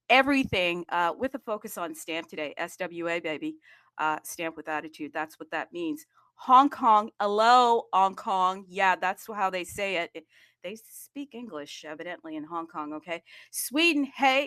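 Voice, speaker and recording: A woman's voice: on the low side, fairly bright tone, no echo, clean studio sound. A woman hosting a live online audio room in a sassy, playful, bubbly way, hyping up the show.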